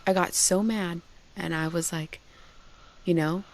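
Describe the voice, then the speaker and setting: Animated, swearing woman in her forties. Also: fairly low pitch, unhurried, background noise. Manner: animated storyteller, swears, acts out quoted dialogue. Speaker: bookstore founder, guest. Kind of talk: casual podcast chat.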